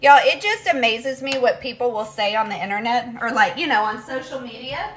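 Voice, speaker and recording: On the high side and expressive, her slightly bright voice moves fairly quickly over a little hiss or hum. This livestreamer rambles casually to viewers from home, wandering between rooms and dropping plenty of ums.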